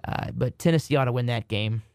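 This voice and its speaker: A young man co-hosting a casual sports podcast, joking and rambling with quick restarts. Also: mid-range voice, a little mellow, smooth, dry recording. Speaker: podcast co-host.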